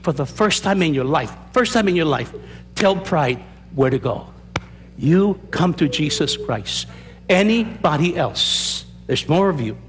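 A pastor giving an altar call in church, urging people again and again to come forward and pray. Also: male voice, on the high side, expressive, unhurried. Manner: pleading, repetitive urging. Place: church with congregation.

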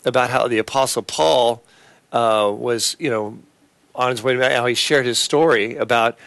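A man hosting a Christian talk show and preaching, speaking in a halting way with many fillers and restarts. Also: mid-range voice, gravelly, fairly bright tone, dry recording.

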